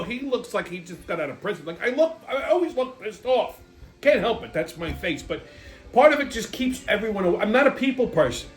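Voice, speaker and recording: Brash, foul-mouthed high-voiced man ranting. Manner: brash, crude, exasperated. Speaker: host. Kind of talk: profane comedic rant.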